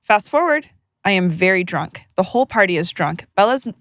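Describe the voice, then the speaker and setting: Woman reading stories with lively banter. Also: mid-range voice, brisk, no room sound, clean studio sound. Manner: animated, joking, laughs mid-sentence. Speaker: podcast co-host.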